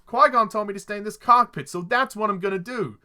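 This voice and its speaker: A man's voice: high voice, brisk, sharp tone, pitched above the performer's own voice. A man mockingly imitating an eager young boy pilot, breathless and wide-eyed. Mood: gushing.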